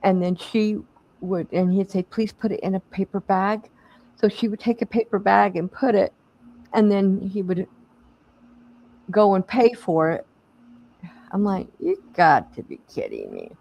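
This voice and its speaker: A woman's voice: mid-range voice, steady tone, measured pace, long pauses, highs cut off. A middle-aged woman hosting a bingo stream, chatting casually and laughing as she calls out winners. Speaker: stream host. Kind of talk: casual chat.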